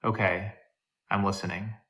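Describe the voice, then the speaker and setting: A busy, defensive wife on the phone, brisk and sharp-edged, as a male narrator reads her lines. The voice stays low and close to a plain reading tone, in a storybook telling. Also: little pitch movement.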